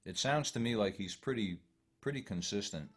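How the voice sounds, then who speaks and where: A man teaching a fiddle workshop online, calmly walking students through bowing patterns step by step. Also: on the low side, moderate pace, breathy edge. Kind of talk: online music workshop instruction. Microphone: home computer mic on a video call. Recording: loud fiddle music throughout.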